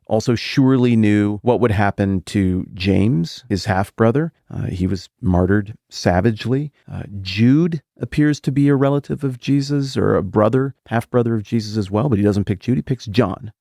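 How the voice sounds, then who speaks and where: Low-voiced man musing through Bible teaching. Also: moderate pace, creaky, hardly any pauses, warm tone, dry recording, studio quality. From American Mountain West or Upper Midwest. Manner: conversational, musing, thinks aloud with asides. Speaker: podcast host teaching the Bible. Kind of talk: casual Bible teaching monologue.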